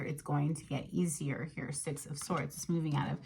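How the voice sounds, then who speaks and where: Woman doing a chatty tarot reading, low gravelly voice, kinda emotional, goes breathy and whispery sometimes. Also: fairly even intonation, normal speed, few pauses, slight background noise. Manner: chatty and emotional, with frequent fillers and soft laughs. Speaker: tarot reader. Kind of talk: casual tarot card reading.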